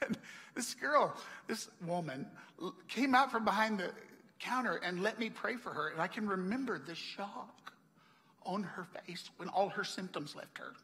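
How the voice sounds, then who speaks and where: A man's voice: sits high, lively intonation, moderate pace, sharp tone, in a large hall. A man preaching a sermon, a chatty storyteller who laughs often and acts out the people he quotes. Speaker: pastor. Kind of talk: sermon with personal stories. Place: church hall.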